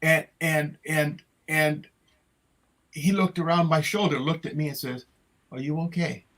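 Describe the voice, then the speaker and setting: An older man, a retired music teacher, telling stories from his past in a halting way with many restarts, speaking over a video call. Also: a little high, steady tone, fairly bright tone, poor audio. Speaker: retired music educator, guest. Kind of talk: conversational storytelling.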